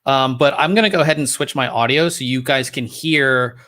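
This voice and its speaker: A man's voice: medium pitch, a little fast. A man hosting a laid-back tech podcast, chatting loosely with lots of ums and false starts. He is recorded close on a good studio microphone. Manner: relaxed and rambling, many ums and restarts. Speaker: podcast host. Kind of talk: casual tech podcast chat.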